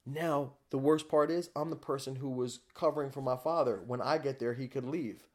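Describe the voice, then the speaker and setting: A man's voice: medium pitch, normal speed, a little mellow. A man, a podcast guest, telling his personal story in a candid, raw way, often swearing.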